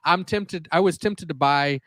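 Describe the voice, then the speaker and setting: A man's voice: on the high side, no room sound. Jokey man on a podcast. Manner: animated, jokey, quick bursts. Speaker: podcast co-host. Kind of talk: casual livestream chat.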